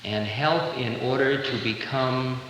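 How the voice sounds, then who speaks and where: A man's voice: medium pitch, fairly even intonation, takes it slowly, fairly bright tone, slight background noise. A man in his thirties giving a playful, conversational spiritual lecture, recorded live in a large hall in 1970. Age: 30s. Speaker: spiritual teacher.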